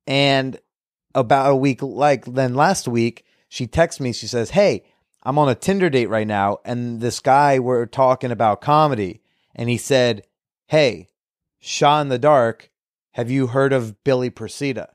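A young man hosting a podcast in casual chat, excitable and swearing freely, with frequent restarts. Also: mid-range voice, a little slow, dry recording, studio quality. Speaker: podcast host.

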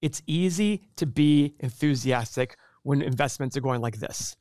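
A man's voice: medium pitch, normal speed, darkish tone, no room sound, clean studio sound. A middle-aged man hosting an investing show, talking casually and emphatically, with rhetorical questions and acted-out quotes. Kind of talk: casual explanatory talk to camera.

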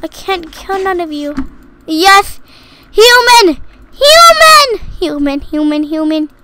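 Heavy background noise surrounds a woman who makes YouTube gaming videos as she playfully narrates her play, giggling, humming la-las, and taunting opponents in mock-threatening fashion. She speaks a little slowly in a high, steady voice.

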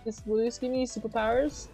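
A woman streamer giving excitable live commentary on her gameplay, shrieking and laughing at each moment. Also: fairly high pitch, normal speed, vocal fry, faint music behind.

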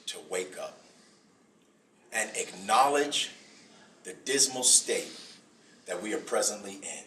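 A middle-aged man, a bishop, giving a speech to an audience in a preaching style. He stresses his points, repeats phrases and uses slow dramatic pauses. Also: fairly low pitch, a bit bright, slight background noise. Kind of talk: preaching-style public address. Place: event hall before an audience. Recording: echoey hall from far off.

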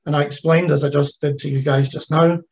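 A man's voice: a little high, level tone, brisk, a little mellow, slight background noise, rough recording. A man giving an online presentation about a heritage ship project, talking conversationally with frequent fillers and restarts. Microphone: video call.

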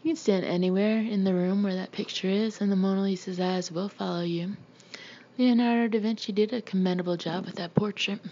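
A woman voicing a boastful male Marine colonel father in a novel reading, gravelly and husky. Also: medium pitch, steady tone, brisk, mellow, muffled recording, natural voice. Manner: boastful and teasing.

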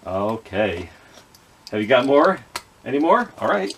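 A man's voice: mid-range voice, sing-song, measured pace, slight background noise. A man leading a children's reading skit with puppets, patiently sounding out letters and words. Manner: gently apologetic with the puppets. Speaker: children's librarian.

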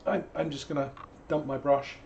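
A hoarse man, teaching painting on a live stream in a chatty, digressive way with jokey asides. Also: fairly high pitch, flat delivery, moderate pace, a little mellow, muffled recording, slight background noise. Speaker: painting instructor.

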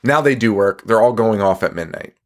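A man co-hosting a podcast casually recaps a movie in a rambling way, swearing a lot, laughing, and quoting lines mockingly. His voice is on the low side, expressive, and brisk.

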